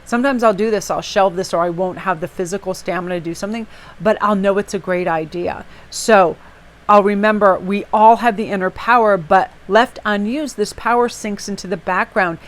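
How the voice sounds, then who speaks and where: A woman's voice: medium pitch, moderate pace. A woman giving a casual tarot reading to viewers, chatty and rambling, with personal asides and many "you know"s. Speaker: tarot reader.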